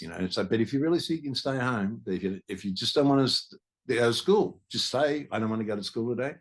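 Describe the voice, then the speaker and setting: A man's voice: mid-range voice, animated, fast. An older man, telling stories in a rambling, casual podcast chat. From Australia. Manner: rambling, storytelling, many restarts. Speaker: guest musician.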